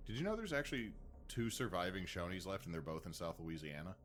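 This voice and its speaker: Lower-voiced man in rambling podcast banter. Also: sing-song, quick pace, a bit bright, slight background noise. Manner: rambling, stumbles and restarts, trivia-loving banter. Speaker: podcast co-host. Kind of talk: casual chat.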